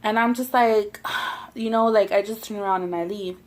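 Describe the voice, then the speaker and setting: Woman, casual eating vlog, rambling storyteller, curses freely, mid-pitched. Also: steady tone, moderate pace. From Southern California. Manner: rambling, profane, lots of "like". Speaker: mukbang vlogger.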